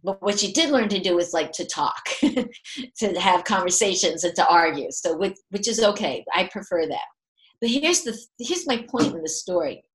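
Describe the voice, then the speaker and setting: Older woman, conversational parenting talk, lively storyteller who voices her quotes. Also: medium pitch, moderate pace, rough recording. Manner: animated, acts out quoted voices, laughs often.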